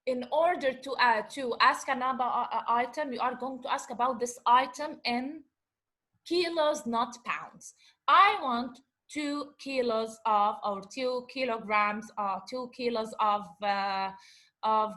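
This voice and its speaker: A woman's voice: a little high, pushed and bright. A woman teaching an Arabic revision lesson, patiently sounding out words syllable by syllable. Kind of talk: revision lecture.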